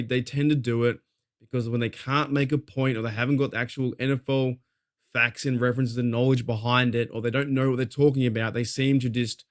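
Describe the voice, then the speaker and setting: An Australian man hosting a fan talk show at a mid-range pitch. He vents in a fired-up, rambling way and swears freely, circling back over his points. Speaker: podcast host. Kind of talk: casual fan commentary.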